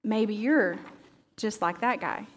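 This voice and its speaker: A woman's voice: mid-range voice, takes it slowly. A woman teaching pastor giving a sermon, reading scripture dramatically and asking the audience questions.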